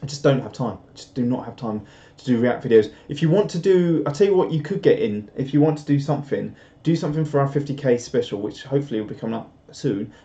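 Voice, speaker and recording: A man chatting loosely on a live stream, rambling and self-deprecating with lots of restarts. His voice is mellow and warm, in the middle of the male range. The audio is dull and lo-fi. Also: mid-range voice, expressive, fast talker, few pauses. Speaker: live streamer reading viewer chat. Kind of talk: casual live-stream chat.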